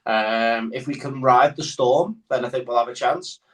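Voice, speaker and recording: A man with a mid-range voice and a moderate pace chats as a guest on a football podcast, rambling with many fillers. His voice sounds somewhat far from the mic.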